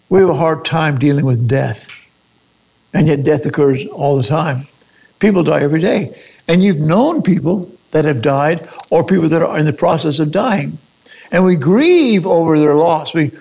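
A male preacher with a high-pitched voice and a gravelly edge. He delivers a sermon in a searching way, firing off rhetorical questions and often stopping to restart a phrase. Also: darkish tone. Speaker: pastor.

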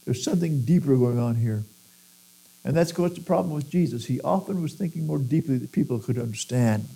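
A man's voice: medium pitch, a little fast, vocal fry, dark tone, rough recording. A man preaching a sermon who acts out quoted voices and sometimes repeats words.

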